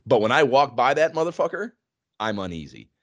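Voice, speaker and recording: A man co-hosting a casual gaming podcast, animated and laughing often as he tells stories. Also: medium pitch, a little fast, dry recording. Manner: animated, laughing, swearing freely. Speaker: podcast co-host.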